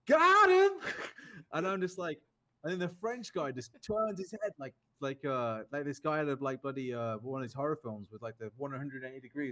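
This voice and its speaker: A young British man, a poker player and podcast guest, telling casual stories and quoting others in raised, lively voices. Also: medium pitch. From United Kingdom. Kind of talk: casual storytelling.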